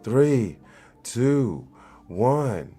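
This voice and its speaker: A man's voice: medium pitch, big pitch swings, drawn-out words, mellow, breathy edge, soft background music. A man in his forties hosting a show, giving loose, profane commentary in street slang. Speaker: show host. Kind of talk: casual commentary.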